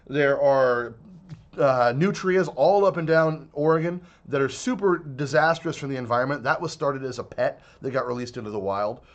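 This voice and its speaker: A man's voice: a little high, highs cut off. A man giving a heated, profane video commentary rant, sounding exasperated. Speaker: online commentator.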